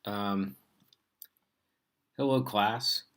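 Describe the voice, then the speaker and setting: Casting: male teacher, lowish voice, unhurried, chatty delivery with lots of ums. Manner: casual, filler-heavy, relaxed explaining. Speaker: physics teacher. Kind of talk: recorded lesson.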